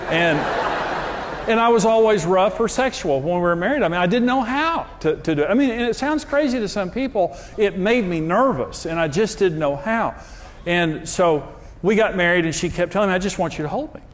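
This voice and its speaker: A man's voice: high-pitched, animated, moderate pace, slight background noise. A man preaching in a humorous, self-deprecating storytelling way, using jokes and anecdotes. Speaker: pastor.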